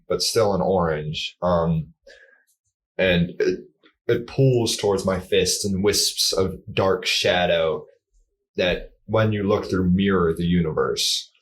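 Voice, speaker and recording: A man playing a tabletop game, describing his character's actions in a relaxed way. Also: deep voice. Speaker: player. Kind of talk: casual tabletop play.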